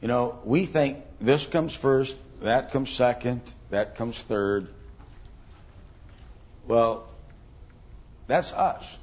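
A man's voice: medium pitch, drawn-out words, pauses often, darkish tone, lo-fi sound. A middle-aged man teaching a Bible class, thinking aloud with many ums and rhetorical questions.

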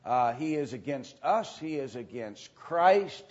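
Male preacher, slow and halting teaching delivery, dull lo-fi recording. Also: medium pitch, animated. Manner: slow, halting, many fillers. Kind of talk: sermon teaching. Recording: dull lo-fi sound.

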